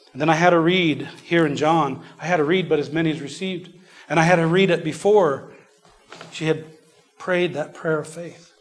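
A man preaching a sermon in a church, earnest and repetitive, falling to a near whisper before swelling loud again. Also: fairly high pitch, moderate pace. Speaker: pastor. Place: church service.

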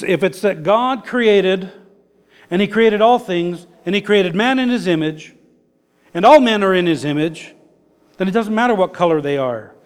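A man preaching a sermon in an easygoing, conversational way, with folksy turns of phrase. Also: high-pitched. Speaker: pastor. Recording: long hall reverb.

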